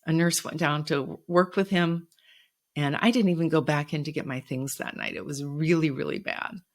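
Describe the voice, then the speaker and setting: A woman's voice: low voice, steady tone, moderate pace. A middle-aged woman hosting a podcast, telling a personal story in an earnest, reflective way. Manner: reflective, earnest, quoting others with raised voice. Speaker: podcast host.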